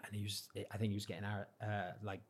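Man, lowish voice, podcast guest, lively storyteller who acts out the lines. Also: brisk. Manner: animated, acts out quoted dialogue. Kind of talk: casual storytelling.

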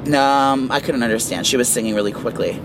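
A man co-hosting a casual celebrity gossip chat, animated, catty and quick with opinions. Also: mid-range voice, gravelly, background noise. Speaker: co-host.

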